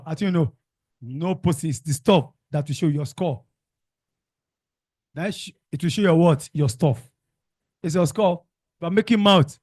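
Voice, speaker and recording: A man's voice: on the high side, measured pace, pauses often, darkish tone, no room sound. Nigerian man quizzing a class. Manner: call-and-response questioning, repeats words for the class. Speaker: teacher. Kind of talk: classroom exam-prep lesson.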